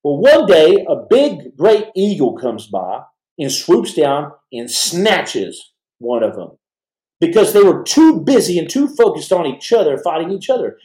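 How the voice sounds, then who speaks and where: A man's voice: on the high side, big pitch swings, a little slow, darkish tone. A middle-aged man hosting a live podcast, talking fervently to viewers in a rambling way with many restarts. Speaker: podcast host. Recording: roomy echo.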